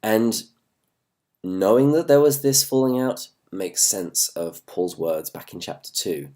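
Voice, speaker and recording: A very low-pitched man with an English accent teaches scripture from his home. His voice is dark and mellow but still worn from a recent illness. He speaks in a measured, earnest way and slows down to stress key words. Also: lively intonation. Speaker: host and Bible teacher. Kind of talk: Bible study talk.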